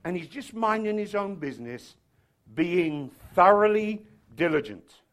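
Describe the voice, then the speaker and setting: A man preaching a sermon, swinging from loud shouted passages to quiet, chatty, humorous asides. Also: high voice, very animated, unhurried. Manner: tells stories with humor.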